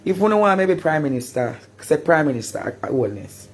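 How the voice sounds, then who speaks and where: A man with a Jamaican accent ranting in a live-stream monologue, breaking into shouts and sing-song cries. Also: fairly high pitch, very animated, brisk, slight background noise.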